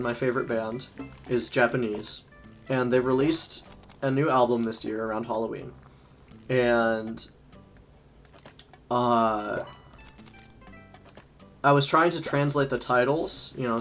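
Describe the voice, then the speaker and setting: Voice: medium pitch, unhurried, pauses often, fairly bright tone, faint music behind. A livestream host chatting casually while playing a game, rambling between topics and laughing often. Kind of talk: casual gaming livestream chat.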